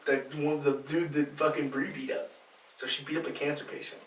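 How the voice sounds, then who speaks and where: A man's voice: a little high, brisk, distant mic, slight background noise. A man, a podcast co-host, telling a story in casual chat, acting out the voices of the people in it. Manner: animated, acts out quoted voices, laughs mid-story. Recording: roomy, off-mic podcast audio.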